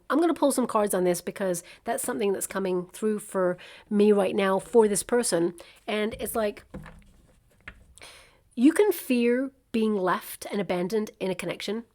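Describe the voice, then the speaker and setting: A woman's voice: mid-range voice, darkish tone. A woman giving a tarot reading to the viewer in a conversational, musing way, often saying "you know" and "like". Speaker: tarot reader.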